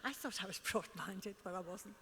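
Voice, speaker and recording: With a bright, forceful, mid-range voice at a fairly quick pace, an older woman from Liverpool, England shares stories as an interview guest on a club stage. She often laughs while mimicking what others said to the audience. The recording has long hall reverb and a little hiss or hum.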